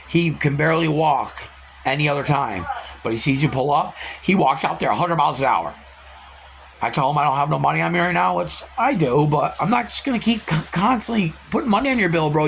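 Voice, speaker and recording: A man venting in a casual vlog, telling stories with loud quoted outbursts and swearing. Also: a little high, vocal fry, slight background noise. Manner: animated storytelling with loud quoted outbursts and profanity. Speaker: car reseller vlogger.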